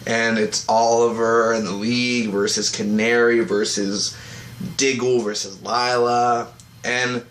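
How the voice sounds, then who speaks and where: A man giving a casual spoken review of a TV episode, rambling and excitable, recorded on a tablet. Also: mid-range voice, echoey room. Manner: rambling and excitable, acts out characters' lines.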